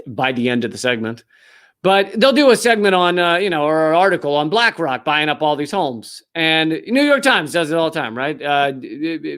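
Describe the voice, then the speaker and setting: A man's voice: fairly high pitch, a bit bright. A male comedian host delivering a heated, profane, sarcastic political rant.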